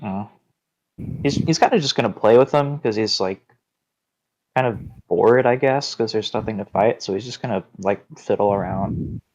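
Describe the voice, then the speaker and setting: A man's voice: on the low side, normal speed, a little mellow, dull audio. A man playing a tabletop game, describing his character's actions casually with lots of likes. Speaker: player.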